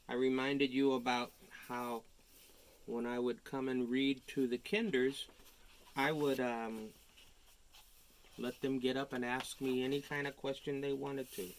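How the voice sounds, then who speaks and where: A man reading a picture book aloud to young children in a gentle, chatty way, with playful ad-libbed asides. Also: mid-range voice, a little hiss or hum. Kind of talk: storybook read-aloud for children.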